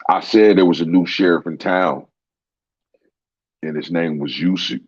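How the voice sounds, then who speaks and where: A man with a very low, deep voice rants about sports in a heated, profane way. The sound is dry and close, with a dull, lo-fi quality. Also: steady tone, measured pace, dry recording. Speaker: sports commentator. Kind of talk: casual rant.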